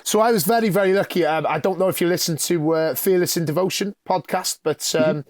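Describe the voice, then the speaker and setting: A man's voice: sits high, fairly quick, no echo, studio quality. A middle-aged man from North Wales with a Welsh accent, chatting casually as a podcast guest, self-deprecating and full of fillers. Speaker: podcast guest, football journalist. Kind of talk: casual chat.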